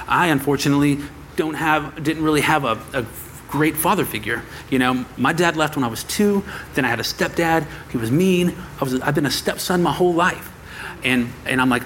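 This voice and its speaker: A man with a slightly high voice preaches at a moderate pace, with a faint hiss or hum present. He's a pastor in a church sanctuary, animatedly sharing a personal story and acting out its quoted voices for his congregation.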